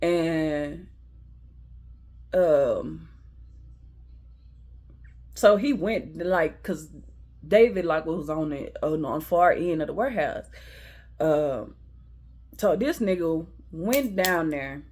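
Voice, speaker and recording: A woman's voice: low-pitched, slow, long pauses. A young woman tells a casual storytime. She swears freely and acts out the quotes. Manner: animated, laughing, profane, acting out quotes.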